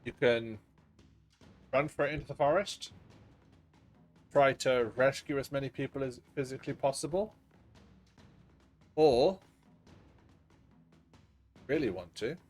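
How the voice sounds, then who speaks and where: A man's voice: mid-range voice, measured pace, pauses often. A man narrating as dungeon master in a casual, laughing way that drops in swear words. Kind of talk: narrating a tabletop game. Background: faint ambient game music.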